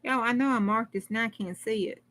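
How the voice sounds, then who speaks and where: Here the crafting host's voice runs on the high side, fairly quick and a bit bright, with no echo. She keeps up a folksy, meandering conversation with her live chat as her hands stay busy.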